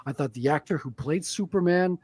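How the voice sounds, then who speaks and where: A man's voice: a little high, a little fast, darkish tone, slightly rough. Enthusiastic man on a podcast. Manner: enthusiastic, swears casually. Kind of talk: casual chat.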